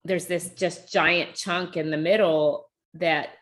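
A woman talks in a reflective conversation. She is thoughtful and animated, and she acts out the voices of the people she quotes. Her voice sits a little low for a woman. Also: slow.

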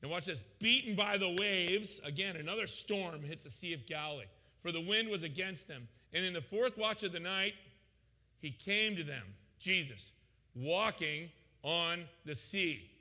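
A man preaching a sermon to a congregation, animated and joking with the crowd. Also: high voice, normal speed, long reverb tail. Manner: animated, jokes with congregation, acts out voices. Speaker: pastor.

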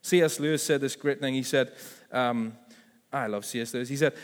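A man's voice: mid-range voice, a little fast, big-room sound. A man preaching a sermon as pastor, conversational and full of asides and self-corrections.

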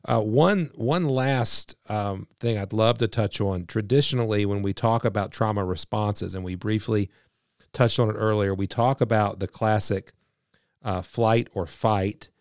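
Low-voiced male podcast host. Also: darkish tone, no echo, studio quality. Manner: affirming, measured, with filler uhs. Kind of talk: podcast interview.

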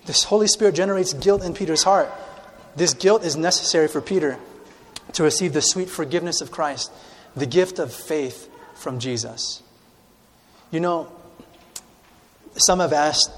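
A male pastor preaching a sermon who is emphatic and swings between loud proclamations and hushed asides. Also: a little high, animated, normal speed. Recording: long reverb of a large hall.

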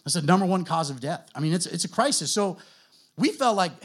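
A middle-aged man with an American accent, a guest pastor telling his story to a church in a relaxed, conversational way, full of fillers. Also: high-pitched, a little fast, husky. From United States. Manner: conversational, self-deprecating, many fillers.

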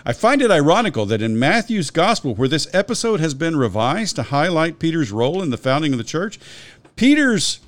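A man talks through a scripture passage in a relaxed podcast conversation. His intonation rises and falls a lot as he explains. He cites references carefully and often restarts his sentences. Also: a little high, brisk. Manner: scholarly, explanatory, with frequent restarts and citations. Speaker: Bible scholar discussing scripture.

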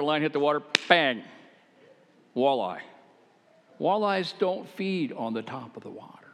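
A man's voice: fairly high pitch, measured pace, pauses often. Folksy man preaching in an echoing hall. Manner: animated, folksy and conversational, with self-deprecating humor. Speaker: preacher sharing his testimony. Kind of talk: folksy storytelling sermon. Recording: long hall reverb.

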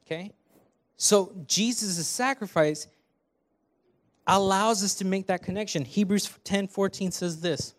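A man's voice: high-pitched, expressive, takes it slowly. Earnest young man preaching. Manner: earnest, conversational preaching with audience asides. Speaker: preaching student. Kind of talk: sermon. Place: church hall.

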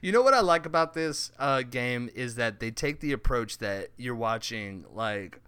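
Animated, laughing man chatting about games. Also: mid-range voice, normal speed, smooth, no room sound. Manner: animated, laughs often, jokey asides. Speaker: podcast co-host. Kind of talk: casual gaming chat.

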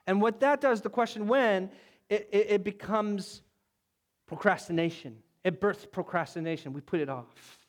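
Animated high-voiced male preacher. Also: moderate pace. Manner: animated storytelling, acts out biblical voices. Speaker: pastor. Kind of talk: sermon.

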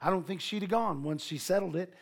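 High-voiced pastor preaching. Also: male voice, a little fast, gravelly. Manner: animated preaching with asides and laughter. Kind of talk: sermon.

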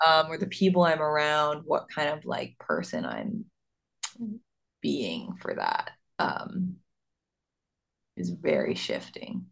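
Woman, slow and gravelly, hesitant with lots of fillers. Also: low voice, very animated, fairly bright tone. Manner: hesitant, many "like" fillers, laughs easily. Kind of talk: casual conversational chat.

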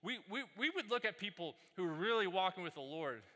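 A male pastor delivers a sermon, his tone very bright and forward. He tells stories casually, climbing into animated bursts. The sound carries a long hall reverb. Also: high voice, brisk. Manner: conversational storytelling, animated peaks. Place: church sanctuary.

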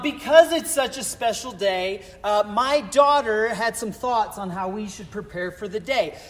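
A man preaching a casual Easter sermon as pastor, telling a self-deprecating family story in a chatty way. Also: extremely high pitch. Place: church sanctuary. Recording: long church reverb.

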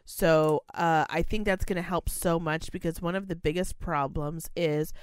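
A woman's voice: on the low side, fairly even intonation, normal speed, clear, resonant tone, dry recording. A young woman who works in a care home, chatting casually in a blunt, sarcastic way and swearing freely. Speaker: care home worker, podcast co-host. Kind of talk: casual chat.

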